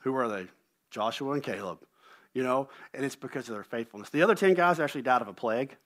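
A middle-aged man preaching a sermon as pastor, an animated storyteller who pokes fun at himself and repeats words when he gets going. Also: mid-range voice, quick pace. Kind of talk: sermon with personal stories.

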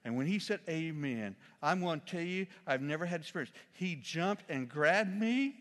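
A man preaching a sermon as an animated storyteller, jumping from loud exclamations to quiet, solemn asides. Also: a little high, moderate pace, long reverb tail.

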